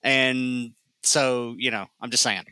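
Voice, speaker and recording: Bright-voiced man explaining a plot point. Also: medium pitch, fairly even intonation, takes it slowly, smooth, dry recording, rough recording. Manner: explanatory, emphatic, easygoing. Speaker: podcast co-host. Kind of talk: casual movie review chat.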